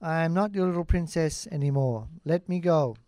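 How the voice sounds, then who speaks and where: A man's voice: on the high side, normal speed, warm tone, no echo, studio quality, close to an everyday voice. A man doing a pleading young princess. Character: sad, restless young princess.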